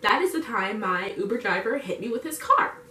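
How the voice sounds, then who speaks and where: A woman's voice: medium pitch, a little fast, reverberant, recorded from a distance, a little hiss or hum. A young woman vlogger telling a storytime, acting out her own dialogue and using "like" often. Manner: animated, acts out her own dialogue in quotes; frequent "like" fillers. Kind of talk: storytime vlog.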